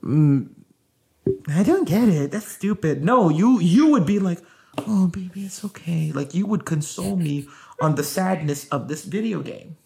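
Gravelly man chatting with laughs. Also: fairly high pitch, measured pace. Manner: animated, laughing, loaded with fillers. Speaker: podcast host. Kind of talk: casual podcast chat with his wife.

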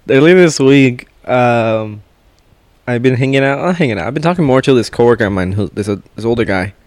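A man's voice: medium pitch, animated, normal speed, pauses often, no echo. Rambling young man on a casual podcast. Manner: rambling, laughs often, many restarts. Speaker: podcast co-host. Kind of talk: casual chat.

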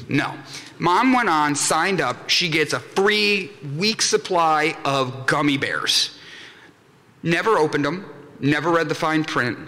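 Bright-voiced jokey man in a conference hall. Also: on the high side, moderate pace. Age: young adult. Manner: jokey storyteller, acts out voices in anecdotes. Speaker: conference speaker. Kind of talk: comedic keynote talk to a live audience. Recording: long hall reverb from a conference room.

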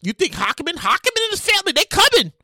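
A podcast host, heard as a woman, ranting excitedly, often stammering and repeating herself, sometimes shouting and making dramatic outbursts. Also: very high-pitched, very fast, dry recording. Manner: sound effects and dramatic outbursts. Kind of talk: excitable comedic rant.

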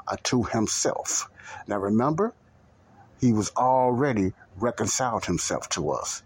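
A man's voice: lowish voice, lively intonation, normal speed, husky. A man hosting a bible teaching podcast, talking emphatically, repeating points and asking the listener rhetorical questions. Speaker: podcast preacher.

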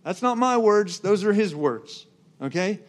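A man's voice: high voice, lively intonation, unhurried. A man preaching a sermon, driving his points with repeated rhetorical questions to the congregation. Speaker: pastor.

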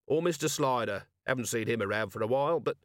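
A man's voice: medium pitch, quick pace, no echo, lightly acted. Man voicing a wry, weary watch commander. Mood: sardonic. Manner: dry, sardonic, even-toned.

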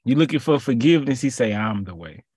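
Husky man preaching in casual slang. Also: mid-range voice, expressive, fast talker, darkish tone, no room sound, clean studio sound. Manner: conversational, slangy, repeats phrases. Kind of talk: casual sermon.

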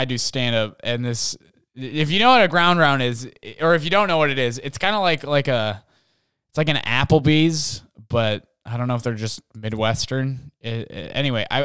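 A man's voice: medium pitch, pushed and bright, smooth, no echo, clean studio sound. A man who does stand-up, telling a rambling story from his bedroom, saying "like" constantly. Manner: rambling, heavy use of "like". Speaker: stand-up comedian. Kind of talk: casual storytelling.

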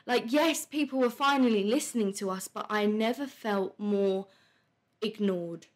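A woman's voice: medium pitch, measured pace. A woman in her twenties hosts a casual podcast chat. She speaks openly and bluntly, swears freely and laughs often. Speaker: podcast host.

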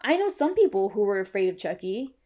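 A woman's voice: medium pitch, sing-song, brisk, dark tone. Gushing, cursing woman on a podcast. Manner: gushing, swears freely, frequent fillers. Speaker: podcast co-host. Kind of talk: casual movie podcast chat.

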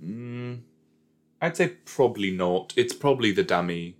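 On this casual watch-along podcast, the male host speaks unhurriedly in a fairly low voice with lively intonation. He keeps things playful and giggly, chatting to his audience as "you guys."

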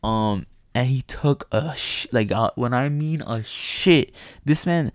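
A young man telling a profane, animated story in casual chat, often laughing. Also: medium pitch, takes it slowly, no room sound, studio quality.

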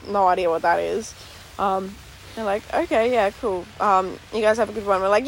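A young Australian woman telling a story in casual chat, sweary and animated, full of "like". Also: mid-range voice, fairly quick, low-quality recording. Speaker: podcast co-host. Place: inside a tent.

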